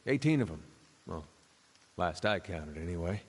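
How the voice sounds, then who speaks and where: An actor voicing a big, smoking, wry man in a fantasy video game, speaking in a dry, sardonic, unhurried way. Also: low-pitched, expressive, slightly rough. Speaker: game character. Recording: long reverb.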